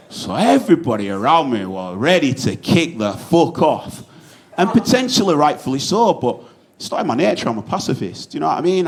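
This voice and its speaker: A man with a Yorkshire accent doing a stand-up set, telling stories in an earnest, casual way with some swearing. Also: mid-range voice. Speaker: stand-up comedian.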